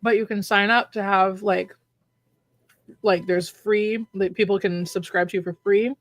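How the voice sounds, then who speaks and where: Wry, relaxed woman chatting on a stream. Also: mid-range voice, a little slow, no echo. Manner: relaxed and wry, self-deprecating. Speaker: co-host, romance author. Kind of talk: casual chat on a livestream. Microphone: remote online call.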